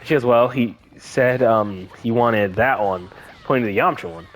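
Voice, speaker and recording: A young man co-hosting a gaming show chats casually, telling an anecdote and animatedly acting out the quoted voices. His voice is mid-range and his pace is normal.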